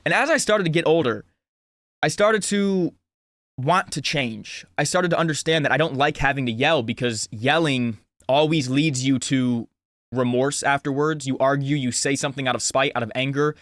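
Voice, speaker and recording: In a clean studio recording with no echo, a man in his twenties gives life advice in a casual motivational vlog monologue. His mid-range voice is a bit bright and moves at a moderate pace. He sounds earnest and casual, stuffing his talk with "like" and restarts.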